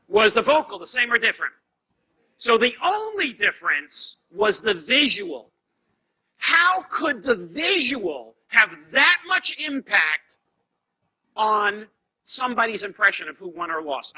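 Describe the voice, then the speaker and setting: A man giving an animated seminar lecture as a trainer, putting rhetorical questions to the audience. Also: high voice. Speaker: corporate trainer. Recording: dull lo-fi seminar recording.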